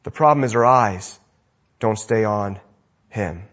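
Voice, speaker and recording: A man preaching a sermon with passion, his voice rising loud and dropping to a hush. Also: fairly low pitch, slow. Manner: impassioned preaching, swinging between loud and hushed. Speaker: pastor.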